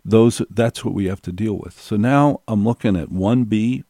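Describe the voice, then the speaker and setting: Wry, low-voiced middle-aged man telling stories. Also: moderate pace, warm tone, no echo, clean studio sound. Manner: wry, digressive, building stories with repetition. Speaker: storyteller. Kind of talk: personal anecdote monologue.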